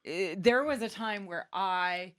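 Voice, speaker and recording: A woman's voice: medium pitch, slow pace, a bit bright, dry recording, clean studio sound. A woman from Canada, an artist guest, talking earnestly and enthusiastically about energy and creativity in a casual chat. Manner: earnest, spiritual, enthusiastic, talks of energy and vibration.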